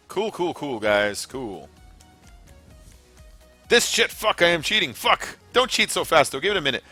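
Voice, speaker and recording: Young American male streamer, casual rambling commentary, bright tense tone, light music under. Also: a little high, no room sound. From United States. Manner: chatty, rambling, laughs at own jokes. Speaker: streamer hosting game lobbies. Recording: faint background music.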